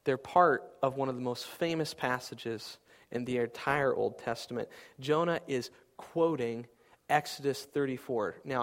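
A man preaching a sermon, swinging between loud, emphatic declarations and quieter asides. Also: mid-range voice.

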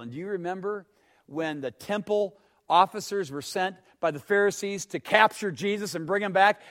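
A man preaching a sermon, swinging from hushed phrases to loud, emphatic ones and asking his listeners questions. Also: sits high.

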